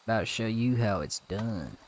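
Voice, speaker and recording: A woman's voice: a bass voice, expressive, moderate pace, darkish tone, slight background noise. A woman voicing a cocky young boy with a country accent in a video game playthrough, with background music.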